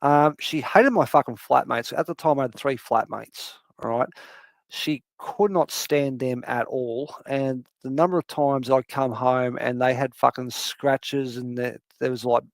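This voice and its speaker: A man telling a long, animated story in casual chat, swearing freely and acting out his cat's voice. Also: mid-range voice, unhurried, gravelly, no room sound.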